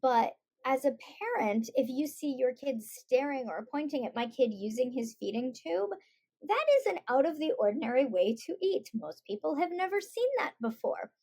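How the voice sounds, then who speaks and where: Woman, middle-aged, high voice, chatty podcast guest, lively storytelling. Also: moderate pace. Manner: animated storytelling, acts out quoted voices. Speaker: guest, author and parent. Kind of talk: conversational podcast interview.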